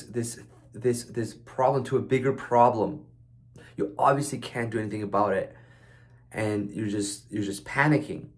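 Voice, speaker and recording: A man giving a casual motivational monologue, loose and conversational, with frequent fillers and restarts and some blunt swearing. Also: medium pitch. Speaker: speaker sharing life advice.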